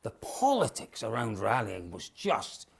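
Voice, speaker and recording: Low guy with a bouncy voice, musing about the old rally days. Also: huge pitch swings, measured pace, vocal fry, slightly rough. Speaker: rally pundit. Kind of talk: casual panel chat.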